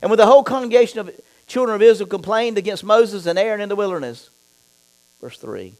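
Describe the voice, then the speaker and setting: A man with a high-pitched voice preaching a sermon as a pastor. He reads scripture aloud and speaks straight to his congregation, swinging between low asides and loud, fired-up stretches. A low mains hum runs underneath the recording. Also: animated, fast, low-quality recording.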